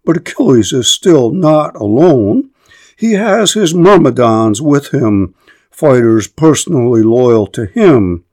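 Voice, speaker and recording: A man explaining a play in a clear, measured way before reading it aloud. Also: mid-range voice, a little mellow, dry recording. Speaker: literature lecturer.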